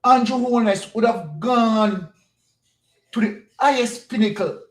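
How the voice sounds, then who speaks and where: A man's voice: extremely high pitch, a little slow, echoey room. A Jamaican man giving an opinionated political monologue as a commentator, pressing his points with rhetorical questions and repetition.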